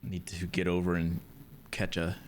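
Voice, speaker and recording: A man's voice: low voice, completely flat delivery, normal speed, a little hiss or hum. A man streaming a video game, chatting casually and rambling with lots of restarts. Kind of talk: casual chat.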